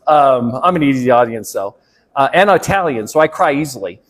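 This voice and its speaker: A man's voice: mid-range voice, animated, brisk. An American man, a guest author, chatting casually in a playful, rambling, self-deprecating way. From United States. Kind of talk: casual interview chat.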